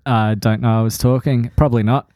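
A man co-hosting a podcast, chatting casually and joking with quick asides. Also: medium pitch, fairly even intonation, mellow, no echo, studio quality. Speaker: podcast co-host.

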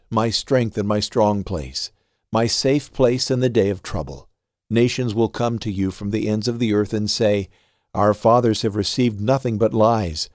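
A man reading Bible passages aloud in a measured, steady way. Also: lowish voice, dry recording, studio quality. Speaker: scripture reader.

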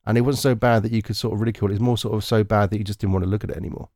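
A man's voice: on the low side, fairly even intonation, racing, a little mellow, no echo, clean studio sound. A man hosting a casual movie review podcast. He rambles, corrects himself and gives blunt opinions. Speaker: podcast host.

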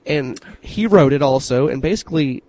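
A man co-hosting a podcast, telling stories in an animated, casual way and swearing freely. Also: medium pitch, moderate pace, rough recording. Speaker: podcast co-host. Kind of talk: casual chat.

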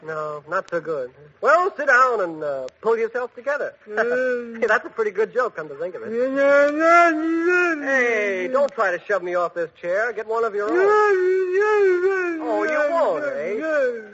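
An actor playing Bud, a fearless, cheeky young hero, joking and unflappable, in 1940s radio drama. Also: male voice, sits high, big pitch swings, a little slow, long pauses, sharp tone, heavily acted. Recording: dull old radio broadcast with hiss.

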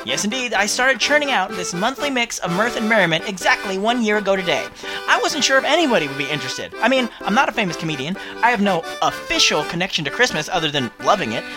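A man's voice: high-pitched, big pitch swings, fast, music in the background. A man hosting a podcast, chatting in an upbeat way and reading out listener mail with chatty asides. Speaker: podcast host.

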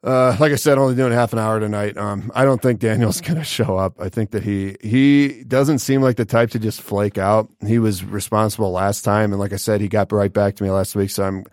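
Low-voiced rambling podcast host, dry sound. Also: male voice, fairly even intonation, brisk, hardly any pauses, darkish tone, no room sound. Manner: rambling, profane, lots of filler words. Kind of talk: casual solo podcast chat.

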